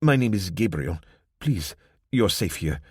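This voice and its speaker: A man voicing a slim, kindly male church greeter with a soft African accent, courteous and gentle. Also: low-pitched, big pitch swings, measured pace, slightly rough, no echo, clean studio sound, heavily acted. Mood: gentle welcoming.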